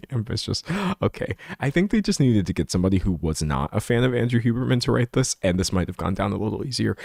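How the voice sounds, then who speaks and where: Animated young man streaming, reading aloud. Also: mid-range voice, no echo, studio quality. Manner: chatty, animated, swings from loud to hushed asides. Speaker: streamer reacting to an article. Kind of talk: casual reaction commentary, reading aloud.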